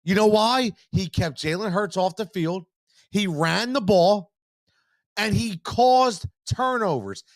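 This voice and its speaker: A man's voice: high-pitched, animated, takes it slowly, no room sound. A man hosting a live postgame sports reaction stream, fired-up and blunt, swearing freely and repeating his points. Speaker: sports talk host.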